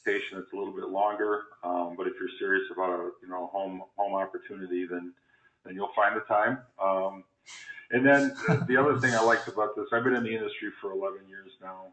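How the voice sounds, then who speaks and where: A man pitching a home business opportunity on a phone call, hesitant and full of fillers. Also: steady tone, fairly quick, bright, forceful tone. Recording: tinny phone line in an echoey room.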